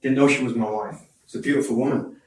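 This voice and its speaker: A man's voice: mid-range voice, steady tone, distant mic, a little hiss or hum. Earnest man in an echoey room. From Yorkshire, England. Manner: candid, earnest, quick restarts and repeats. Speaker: speaker sharing his life story. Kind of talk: personal testimony talk.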